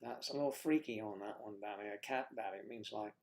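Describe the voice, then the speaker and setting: Talking quickly in a fairly low, creaky voice, this livestream host chats casually with viewers as he reads their comments. He likes playful puns and now and then slips into a whisper.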